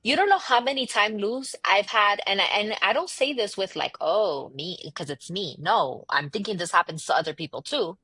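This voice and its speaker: A woman's voice: mid-range voice, lively intonation, moderate pace, few pauses, sharp tone, breathy edge, no echo. A woman guest on a podcast, telling stories and acting out quoted dialogue with emphatic repetition. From United States, daughter of immigrants. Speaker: podcast guest, marketing entrepreneur. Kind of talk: casual conversational interview.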